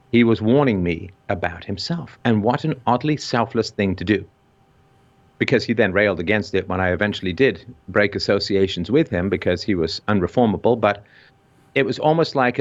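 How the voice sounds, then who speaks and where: Guest commentator, male, lowish voice, intense delivery that swells to forceful emphasis, dull lo-fi recording. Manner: intense, builds to loud emphatic peaks. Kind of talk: impassioned discussion. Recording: dull lo-fi audio.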